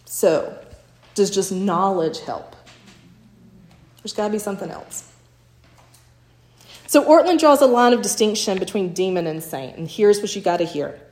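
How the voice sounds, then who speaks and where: A woman's voice: mid-range voice, animated, measured pace, long pauses, a little mellow. Woman preaching in an echoey room. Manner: storytelling with acted quotes and frequent "right?". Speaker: speaker teaching a church talk. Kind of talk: sermon.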